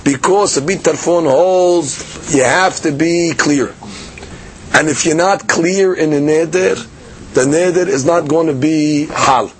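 A man teaching a daily Talmud class, his voice set a little higher than most. He explains in an animated, chatty way, full of fillers and restarts. A faint noise sits behind the recording.

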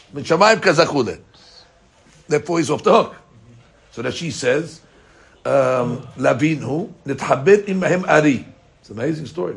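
A man teaching a daily Talmud class, an animated storyteller who mixes Hebrew and Aramaic into his English. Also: mid-range voice, creaky.

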